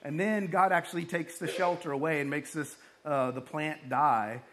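Animated male pastor preaching. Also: fairly high pitch, moderate pace. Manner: animated, joking asides and acted-out quotes. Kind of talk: sermon.

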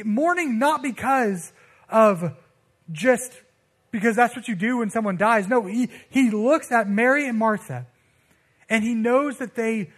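A young man preaching in a relaxed, conversational way, his voice sitting high for a man. He tells stories with lots of slang and acts out the people he quotes. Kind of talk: casual sermon.

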